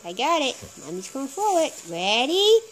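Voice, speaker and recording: High-pitched woman coaxing her dog. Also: sing-song, normal speed. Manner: sing-song baby talk to a dog, coaxing and repetitive. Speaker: dog owner filming her dog. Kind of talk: casual video talking to a pet. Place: outdoor dog kennel.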